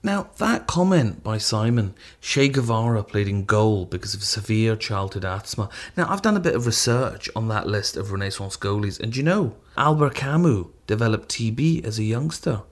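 A man's voice: lowish voice, animated, moderate pace, hardly any pauses. A man narrating a radio documentary in a scripted, dryly wry way.

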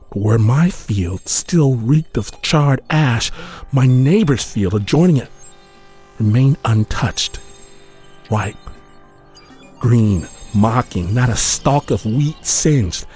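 A man narrating a dramatic story in a measured, grave voice with dramatic pauses. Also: fairly low pitch, lively intonation, dark tone, soft background music.

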